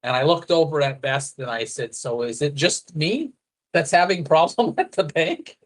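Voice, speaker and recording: A man telling a story in casual chat, animated and profane, slipping into quoted voices. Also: a little high, moderate pace. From a foreigner living in Thailand.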